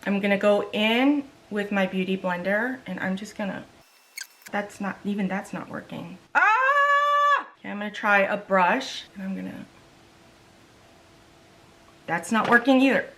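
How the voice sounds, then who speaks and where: A woman's voice: medium pitch, normal speed, pauses often. A woman beauty vlogger in a casual makeup try-on vlog, chatty and exasperated, talking straight to her viewers.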